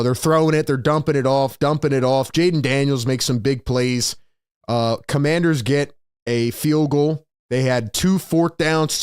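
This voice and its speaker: A man hosting a postgame sports show talks excitedly and emphatically, repeating his key points and sounding overexcited. His voice is a little high, clear, and resonant, recorded at studio quality with no echo.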